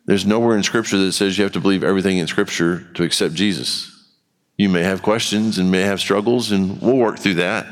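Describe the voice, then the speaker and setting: A man's voice: low voice, fairly even intonation, fairly quick. A man preaching a sermon in a church, talking candidly and conversationally. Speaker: pastor. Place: church sanctuary. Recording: long hall reverb.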